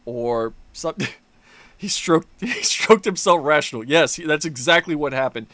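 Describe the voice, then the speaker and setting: A fired-up man with a fairly high voice rants through a political commentary, swearing freely and mocking the people he criticizes. The sound is dry and close, with almost no room echo. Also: expressive, moderate pace, fairly bright tone. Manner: angry, profane, mocking. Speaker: commentary channel host.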